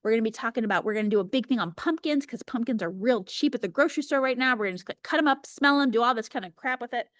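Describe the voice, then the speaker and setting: Energetic woman teaching on a video call, kinda high voice, dry close sound, chatty. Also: dry recording. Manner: energetic, chatty, demonstrates words slowly. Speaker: early childhood workshop presenter. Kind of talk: teaching a live webinar.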